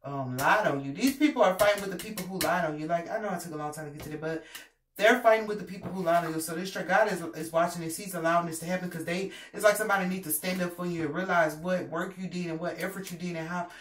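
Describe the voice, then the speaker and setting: Fast, animated woman doing a tarot reading. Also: lowish voice. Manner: animated, profane, emphatic. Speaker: tarot reader. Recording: roomy, distant mic, faint noise.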